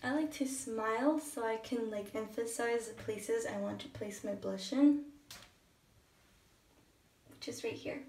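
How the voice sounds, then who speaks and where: A woman's voice: a little high, a little slow, long pauses, a little mellow. Chatty young woman in an echoey room. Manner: chatty, hesitant, thinking aloud. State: morning voice. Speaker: beauty vlogger. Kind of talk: casual makeup tutorial. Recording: echoey room, mic at a distance. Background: shower running in another room.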